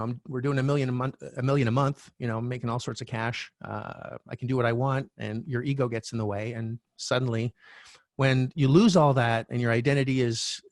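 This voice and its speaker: A middle-aged man, a real estate coach, telling a candid personal story as a podcast guest, animated and swearing now and then. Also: mid-range voice, no room sound, clean studio sound. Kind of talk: storytelling interview talk.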